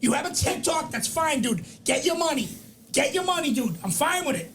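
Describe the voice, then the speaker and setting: A man's voice: extremely high pitch, very animated, a little fast, a bit bright, a little hiss or hum. A man co-hosting a podcast, ranting heatedly and profanely and saying "dude" a lot. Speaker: podcast co-host. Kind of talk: casual chat.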